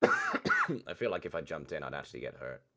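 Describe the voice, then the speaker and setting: A man's voice: a bass voice, huge pitch swings, moderate pace, sharp tone. A man casually commenting and reading aloud while streaming a story game, with joking asides. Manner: laughing asides, swearing.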